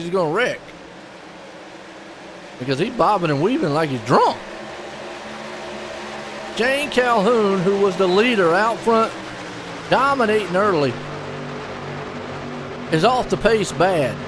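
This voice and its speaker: A man calling a live sim race play-by-play, excitable and folksy. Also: sits high, noisy background. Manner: excitable, folksy, puzzled asides. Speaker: race commentator.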